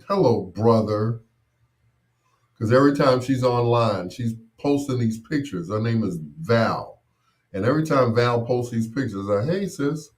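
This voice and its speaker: A man's voice: medium pitch, darkish tone. A man hosting a show, telling rambling personal stories with frequent laughs and restarts. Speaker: host. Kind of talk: casual storytelling.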